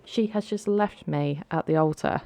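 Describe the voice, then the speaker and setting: A woman voicing an angry, heartbroken man left at the altar, speaking in quick indignant accusations during a life-sim game playthrough. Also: low voice, dark tone. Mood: angry, hurt.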